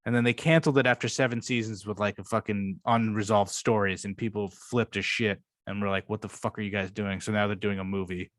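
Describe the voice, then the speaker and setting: A man co-hosts a podcast, rambling enthusiastically and swearing freely as he casually retells his favorite comedy show. His lowish voice holds a steady tone with a fairly bright quality, moving fairly quickly with hardly any pauses. The studio recording is clean, with no room sound.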